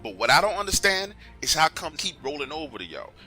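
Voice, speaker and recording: A man's voice: a little high, big pitch swings, a little fast, bright, forceful tone, soft background music, heavily acted. A man voicing a defiant young male gang leader who talks through his teeth.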